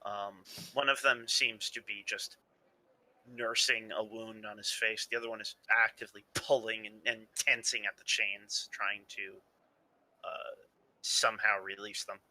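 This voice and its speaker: Brief: young male game master, bright tone, stop-start scene narration. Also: lowish voice, steady tone, low-quality recording. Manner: halting, many fillers and restarts.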